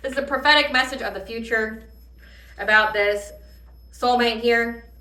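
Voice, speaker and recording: Tarot reader, woman, fiery profane delivery, somewhat high voice, recorded off-mic. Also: moderate pace, sharp tone, recorded from a distance. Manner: heated, profane, emphatic rant. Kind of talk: channeled tarot reading monologue. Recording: roomy echo, voice a bit off-mic.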